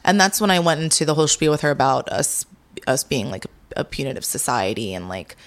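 A young woman speaking frankly as an interview guest, retelling conversations with lively energy. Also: extremely low pitch, a little fast. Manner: frank, animated when retelling talks.

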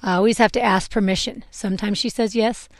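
A woman's voice: mid-range voice, steady tone, a little fast, dry recording, clean studio sound. A young adult woman chatting casually while grooming her horse, rambling a little and laughing at her own slips. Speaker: horse owner and vlogger. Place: outdoors with a horse. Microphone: clip-on microphone.

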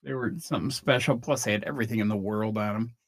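A man's voice: lowish voice, quick pace, no room sound. A man in his fifties hosts a podcast, rambling through stories in an offhand, chatty way and dropping mild curses as he goes. The recording is close and dry, with no room sound around his voice. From Northern Illinois, USA. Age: 50s. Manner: chatty, meandering, swears casually. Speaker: podcast host. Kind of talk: casual rambling monologue.

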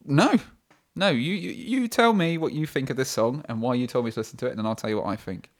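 A man's voice: medium pitch, fast. A man co-hosting a podcast, chatting casually and dropping dry, wry remarks. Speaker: podcast co-host. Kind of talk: casual chat. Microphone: studio mic.

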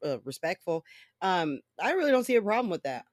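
A podcast host talks alone in loose, rambling monologue, peppering every thought with profanity. The voice sits at a middle pitch. The recording is dry, with no room sound around it. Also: big pitch swings, brisk, dry recording. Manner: swears freely, rambling storytelling. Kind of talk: casual solo podcast monologue.

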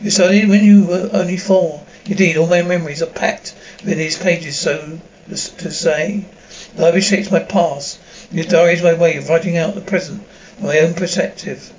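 A man's voice: on the high side, fairly even intonation, normal speed, muffled recording. A man reading a dubbed drama aloud, speaking the sound cues between the lines.

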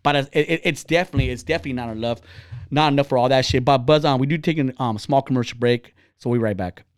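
A man's voice: medium pitch, very fast, a little hiss or hum. A man hosting a podcast, telling personal stories in a blunt, profane, heated way. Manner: animated and heated. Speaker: podcast host. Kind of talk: casual chat.

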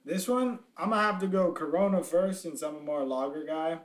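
Slightly high-voiced guy, chill and offhand, echoey room. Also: normal speed. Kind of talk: casual chat.

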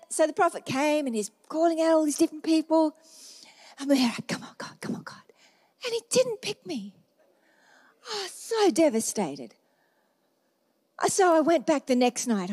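A woman preacher giving a sermon testimony, acting out her own past prayers in lively storytelling. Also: a little high.

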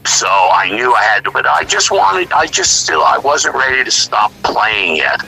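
A middle-aged male musician talking casually in an interview, animated and blunt, acting out what others said. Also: medium pitch, moderate pace, vocal fry, faint music behind, low-quality recording. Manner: animated storyteller, acts out quotes, swears freely. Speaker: musician guest.

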